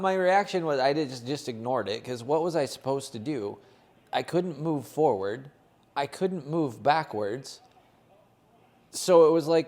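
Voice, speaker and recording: A man tells a long, rambling story with plenty of swearing, sounding like relaxed chat between friends. His voice sits a little on the high side. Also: unhurried. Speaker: podcast co-host. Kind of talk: casual chat.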